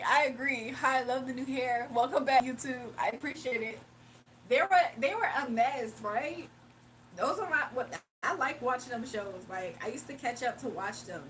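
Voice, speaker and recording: A young woman runs a casual livestream, laughing a lot, talking in slang, and reading her viewers' chat out loud. Her voice is on the high side with a fairly bright tone, and there's a little background noise.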